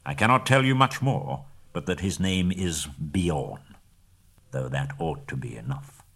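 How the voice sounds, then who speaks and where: A man's voice: low voice, animated, measured pace, creaky, husky, exaggerated voice. A man voicing a commanding old wizard. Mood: earnest. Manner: forceful, emphatic warnings.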